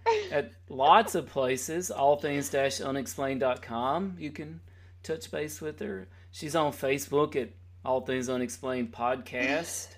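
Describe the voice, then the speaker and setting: A man's voice: medium pitch, lively intonation, slow pace. A man hosting a podcast in casual chat, joking and rambling as he teases his co-hosts. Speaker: podcast host.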